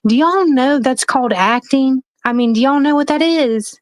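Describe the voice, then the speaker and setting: A woman's voice: sits high, moderate pace, no room sound. A woman speaking as a guest on a livestream, emphatic and rambling, with frequent swearing. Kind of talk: heated livestream chat.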